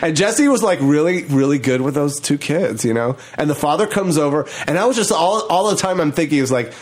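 A man's voice: on the high side, expressive, fairly quick. A young adult man co-hosting a casual comedy chat, telling rambling stories full of fillers. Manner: rambling storytelling with many fillers. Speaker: podcast co-host.

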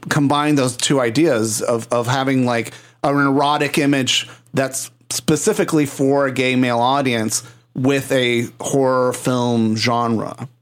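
A man hosting a casual podcast chat, rambling and thoughtful with many fillers. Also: mid-range voice.

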